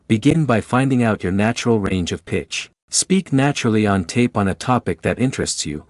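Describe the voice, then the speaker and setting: A man giving scripted, measured, instructive narration about speaking skills. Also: fairly low pitch, a little mellow, no echo, studio quality.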